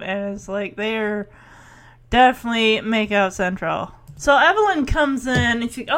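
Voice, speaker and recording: A woman's voice: on the high side, sing-song, a little slow, a bit bright. A woman chatting casually as she recaps a show, giggling often and playfully voicing the characters' lines.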